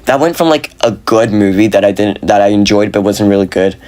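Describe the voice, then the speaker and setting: A man giving a casual, frustrated video review, talking fast and excitedly with lots of slang and fillers, his voice jumping up when he is exasperated. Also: fairly low pitch. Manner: animated, voice jumps up when exasperated. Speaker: movie reviewer.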